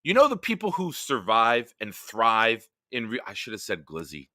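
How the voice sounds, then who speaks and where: A man's voice: mid-range voice, huge pitch swings, moderate pace, pushed and bright, no room sound, clean studio sound. Fired-up man ranting on a live stream. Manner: profane, heated ranting. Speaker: host. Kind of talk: live-stream sports rant and chat.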